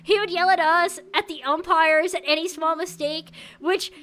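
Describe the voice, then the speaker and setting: A young woman streaming and chatting casually with viewers, animated, often yelling and laughing. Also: extremely high pitch, moderate pace.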